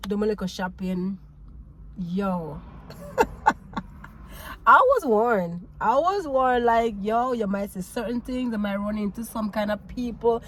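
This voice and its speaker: A Jamaican woman vlogging, telling a story in a casual, animated way, laughing often and mixing patois with English. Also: medium pitch, slight background noise.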